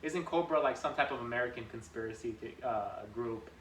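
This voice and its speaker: A man in drama practice, answering in a hesitant, halting way. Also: mid-range voice, a bit bright, a little hiss or hum. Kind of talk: casual chat. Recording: echoey room, distant mic.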